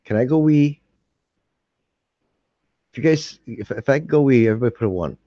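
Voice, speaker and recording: A man's voice: mid-range voice, normal speed, dry recording. A man hosting a casual late-night livestream from home, rambling, joking and laughing often. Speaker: livestream host. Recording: dull dry home mic.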